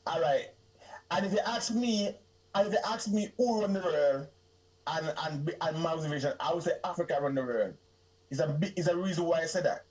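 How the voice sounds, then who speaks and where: A Jamaican man, a guest in a casual interview, talking in a halting way, often agreeing and repeating himself. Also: fairly high pitch, a little mellow, dull audio.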